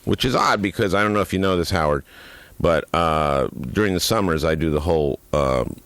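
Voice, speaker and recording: A man who writes books and hosts talk radio, a guest on a comic radio interview, telling dry, deadpan jokes with stumbling restarts. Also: deep voice, a little fast, no echo.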